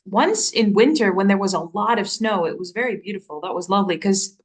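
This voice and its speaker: A young adult woman co-hosting a casual bookstore chat, easygoing and quick to laugh. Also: mid-range voice. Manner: easygoing, quick to laugh, reads a recommendation aloud. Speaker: bookstore staff co-host.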